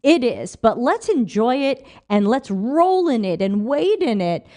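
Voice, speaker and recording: A woman's voice: on the high side, big pitch swings, a little slow, dark tone. A woman hosting a livestream, reading viewer comments aloud and answering them with emphatic rhetorical questions. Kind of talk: casual livestream talk.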